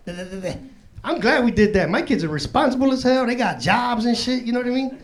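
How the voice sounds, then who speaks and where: Recorded live at a comedy club amid crowd noise and laughter, a man in his forties from Chicago's South Side does stand-up. He talks fast in a high, expressive voice, with loose, profane street language and laughter woven into his punchlines.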